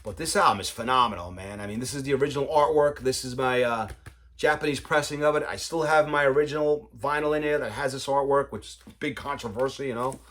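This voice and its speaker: A man's voice: medium pitch, fast, fairly bright tone. A man hosting a vinyl collector's vlog in a casual, rambling way. He talks with enthusiasm and keeps adding "you know, man.". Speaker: vinyl collector, channel host.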